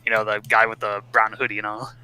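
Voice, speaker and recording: A man co-hosting a casual podcast chat who laughs often and gets excitable. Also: fairly low pitch, fast talker, clean tone, dry recording, low-quality recording. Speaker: podcast co-host.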